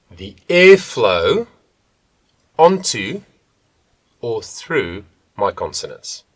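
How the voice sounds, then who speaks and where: A man teaching a voice lesson as a vocal coach, talking in a deliberate, emphatic way and stressing key words. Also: on the low side, no room sound. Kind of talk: video voice lesson.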